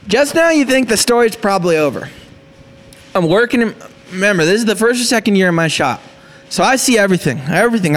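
Young man, high voice, excitable storyteller, small business owner. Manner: excitable, acts out quotes in a rush. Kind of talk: animated storytelling.

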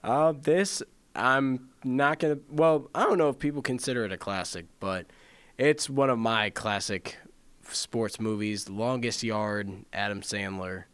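A young man co-hosting a sports podcast, chatting in a relaxed, easygoing way. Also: mid-range voice, measured pace, smooth, no echo. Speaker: podcast co-host. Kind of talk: casual chat.

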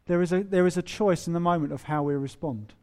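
A man preaching a sermon in a humorous, animated way, acting out quoted voices. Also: a little high, fast talker. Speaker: pastor.

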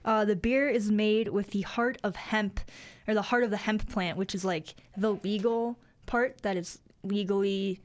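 A woman's voice: mid-range voice, steady tone, measured pace, hardly any pauses. A young woman, a reporter on a college radio show, chatting casually in the studio with many fillers.

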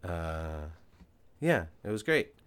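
A man with a low voice chats casually on a podcast, laughing at himself as he tells stories. His pitch swings widely, rising sharply whenever he gets excited. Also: clear, resonant tone. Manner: animated, self-deprecating, quick laughs and restarts. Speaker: podcast co-host. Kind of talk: casual chat.

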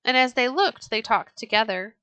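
A woman narrates a children's storybook in a measured, expressive read-aloud manner. Her voice is bright and clear, and the recording is close and dry with no room sound. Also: a little high, no echo.

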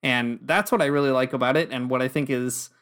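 A man's voice: medium pitch, steady tone, a little fast, a bit bright. A man co-hosting a podcast, talking through ideas thoughtfully and hedging with fillers. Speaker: podcast co-host. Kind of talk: casual discussion.

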